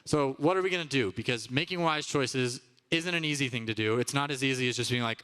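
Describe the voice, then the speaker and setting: A man's voice: medium pitch, a little fast, a bit bright, smooth. A young man teaching a children's church lesson, upbeat and constantly asking the kids questions. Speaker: kids' ministry teacher. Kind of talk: youth sermon to children. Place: church kids' room with a live audience.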